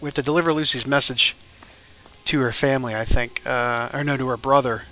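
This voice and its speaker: Bright-voiced man rambling over gameplay. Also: mid-range voice, fairly even intonation, a little fast. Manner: rambling, thinks aloud with many fillers. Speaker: gaming YouTuber. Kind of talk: let's play commentary.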